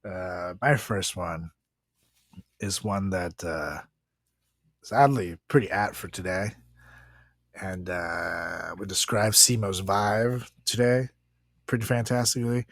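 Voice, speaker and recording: A man's voice: low voice, steady tone, takes it slowly, long pauses, dry recording. Giggly man co-hosting a podcast, dry sound. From Venezuela. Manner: crude, giggly, rambling. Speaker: podcast co-host. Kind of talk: casual comedic chat.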